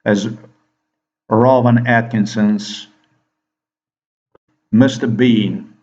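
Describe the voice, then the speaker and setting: A man with a lowish voice rants in a long, repetitive monologue, hammering the listener with questions. The sound is dull and lo-fi. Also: fairly even intonation, extremely slow, darkish tone. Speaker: vlogger. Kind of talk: rambling monologue to camera.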